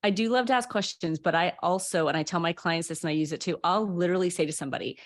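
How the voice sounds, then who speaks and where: A woman's voice: on the low side, expressive, fast talker. A woman coach and author, a guest on a podcast, speaking openly and candidly with many "you know"s and "like"s. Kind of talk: conversational interview.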